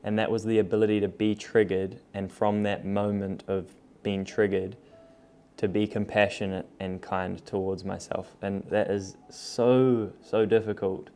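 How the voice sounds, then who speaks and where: A young man talks straight to camera from a room still full of moving boxes. His voice sits low and mellow, with little rise and fall. He keeps it relaxed and frank and swears freely. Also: a little slow. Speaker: vlogger. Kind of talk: casual talk to camera.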